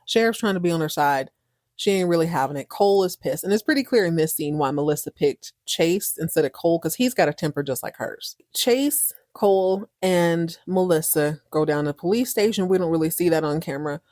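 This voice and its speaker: A woman's voice: lowish voice, animated, fairly quick, a little mellow, no room sound, studio quality. A woman hosting a podcast, recapping a show in a chatty, slangy way and laughing often. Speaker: podcast host.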